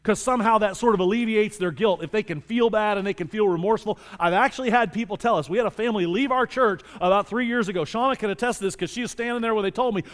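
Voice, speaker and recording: A male pastor preaching a sermon with animated delivery, moving between loud emphasis and quiet scripture reading. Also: sits high, quick pace, few pauses, big-room sound.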